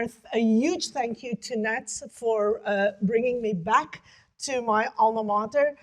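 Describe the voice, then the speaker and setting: A woman's voice: a little high, takes it slowly. A middle-aged woman from South Africa, with a South African accent tinged by some American vowels, giving a conference lecture on a clip-on mic with chatty, self-deprecating asides. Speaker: keynote speaker and voice teacher.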